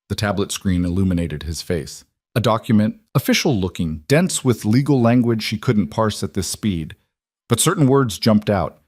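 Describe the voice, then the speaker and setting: A man narrating a scripted romance story in a steady, dramatic manner. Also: fairly low pitch, moderate pace, dry recording, studio quality.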